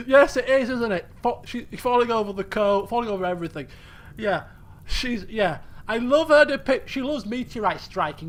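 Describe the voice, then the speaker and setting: A man streaming a game, telling stories in casual, animated, exclamatory chat with some swearing. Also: high-pitched.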